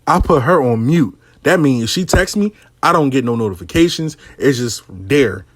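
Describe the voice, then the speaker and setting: A man telling a comic personal story in a blunt, profane, animated way. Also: mid-range voice, moderate pace, dry recording, studio quality.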